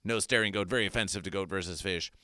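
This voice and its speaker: A man with a bright, crisp voice delivers mock-solemn proclamations, repeating lines with grandiose weight. He hosts an absurd comedy stream. The sound is dry and close. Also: low-pitched, fast, no room sound. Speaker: comedy performer. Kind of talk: absurdist livestream chat.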